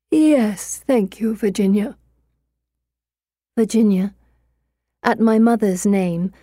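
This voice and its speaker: A woman narrating a first-person novel aloud, expressive with a bitter, wry edge. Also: on the low side, dry recording, studio quality. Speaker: audiobook narrator.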